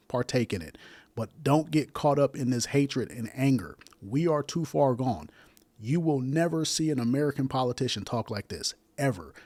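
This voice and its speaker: A man's voice: medium pitch, a little mellow, dry recording. A man hosting a reaction commentary, speaking emphatically and repeating phrases for stress. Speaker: commentary host. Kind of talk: reaction commentary to video clips.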